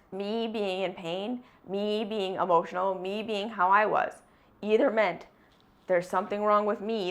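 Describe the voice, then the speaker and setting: Woman vlogging, telling her own story, earnest and reflective, speeds up then slows way down. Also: medium pitch. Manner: earnest and reflective, shifting between brisk and slow deliberate phrasing. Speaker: vlogger sharing a personal story. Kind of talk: candid personal storytelling.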